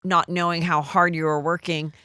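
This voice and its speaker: A middle-aged woman hosting a podcast interview, animated and quick with follow-up questions. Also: on the low side, dry recording, studio quality. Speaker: podcast host.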